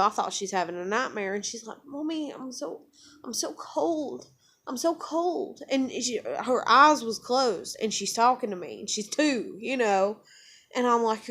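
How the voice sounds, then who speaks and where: A woman's voice: mid-range voice, a bit bright. Rambling woman telling a story. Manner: rambling, profane, many fillers. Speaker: vlogger. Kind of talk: casual storytelling.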